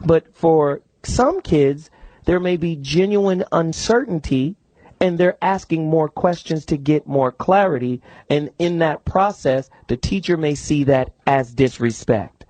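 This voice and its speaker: A middle-aged radio host speaks in a slightly high, emphatic voice, pushing the call-in number and steering the talk. The sound is dry and close, with no room around him. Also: male voice, lively intonation, unhurried, darkish tone, dry recording.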